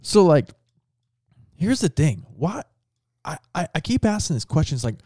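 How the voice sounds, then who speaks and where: A man's voice: fairly high pitch, very animated, measured pace, dark tone, breathy edge, no room sound, studio quality. A man co-hosting a casual faith podcast, asking searching questions. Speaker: podcast co-host.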